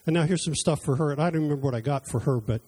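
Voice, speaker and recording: Racing along in a slightly high voice with a dark, slightly rough tone, a preacher chats his way through personal stories, dramatizing his talks with God, and ends by leading a closing prayer.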